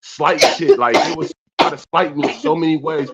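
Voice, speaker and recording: A young adult man co-hosting a casual talk show, animated and profane, reading out comments from viewers. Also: medium pitch, fairly quick, few pauses. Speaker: podcast co-host. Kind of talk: casual chat. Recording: dull lo-fi sound.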